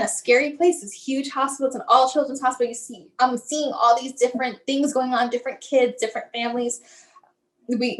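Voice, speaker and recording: A woman's voice: high-pitched, poor audio. A woman guest recounting a personal family story in a conversational, emotional way, acting out what others said and often restarting her sentences. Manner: conversational, acts out what others said, many fillers like "like"; fragmented, restarting phrasing under emotion. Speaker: guest, mother sharing her son's story.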